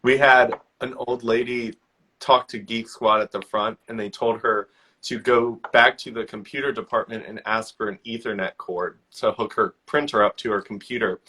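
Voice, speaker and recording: A man's voice: lowish voice, steady tone, moderate pace, pushed and bright, husky, poor audio. A man hosting a podcast, chatting casually and telling funny stories from past jobs, acting out the people he quotes in a raised voice. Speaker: podcast host.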